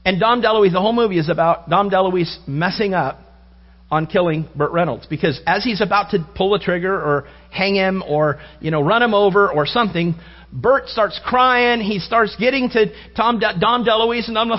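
A man's voice: high voice, a little fast, lo-fi sound. A male pastor preaching a sermon, telling a long rambling story with many restarts.

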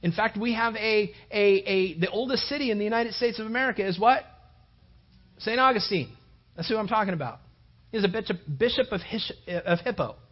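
High-voiced preaching pastor, dull recording. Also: male voice, brisk. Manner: builds to loud, emphatic preaching. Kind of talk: sermon.

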